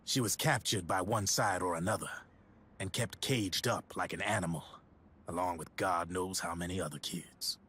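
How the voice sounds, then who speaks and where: A man voicing a laid-back male arms dealer in a game, speaking in a wry, relaxed way. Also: deep voice, moderate pace, husky. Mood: grim. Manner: relaxed, wry, sometimes hushed.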